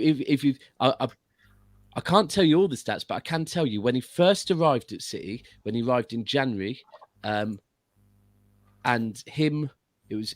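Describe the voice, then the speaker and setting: A man's voice: mid-range voice, no room sound. A man as a guest pundit giving casual football analysis, explaining at length with frequent restarts. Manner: explanatory, long runs of reasoning with restarts.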